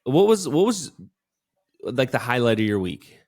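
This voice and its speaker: A man's voice: medium pitch, big pitch swings, unhurried, darkish tone. A man co-hosting a casual business podcast, talking in an enthusiastic, praising, rambling way. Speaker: podcast co-host. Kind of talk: casual chat.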